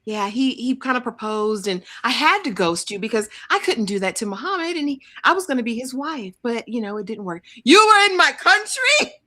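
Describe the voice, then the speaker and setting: A woman's voice: on the high side, lively intonation, fairly quick, hardly any pauses, a bit bright. A woman hosting a casual reality TV recap, retelling scenes with dramatic re-enactments. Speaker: host.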